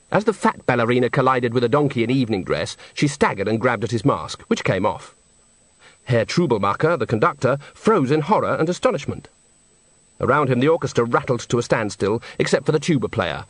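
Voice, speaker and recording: Male audiobook narrator, wry and animated, dry close mic. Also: mid-range voice, fairly quick, no room sound. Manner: wry, lively storytelling.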